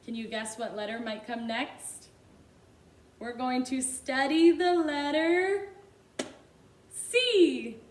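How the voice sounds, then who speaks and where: A woman teaching a phonics lesson to young children, drawing out sounds in a slow sing-song manner. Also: high-pitched, roomy sound. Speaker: kindergarten teacher.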